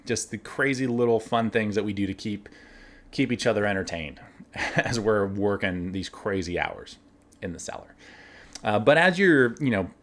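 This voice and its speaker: A man casually telling workplace stories, animated, laughing now and then and acting out the lines of others. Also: fairly low pitch, moderate pace. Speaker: winery cellar worker telling stories. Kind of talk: casual storytelling.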